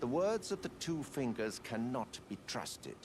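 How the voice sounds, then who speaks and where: A man voicing a grave, gravelly older warrior in a video game, speaking in measured, archaic, confiding tones. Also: medium pitch, sing-song, background noise. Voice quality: gravelly, archaic formal speech. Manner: measured, confiding theatrical delivery.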